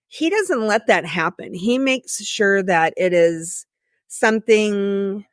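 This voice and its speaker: A woman's voice: mid-range voice, animated, slow pace, no echo, clean studio sound. A woman co-hosting a podcast, talking casually about her partner and often laughing. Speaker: podcast co-host. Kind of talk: casual chat.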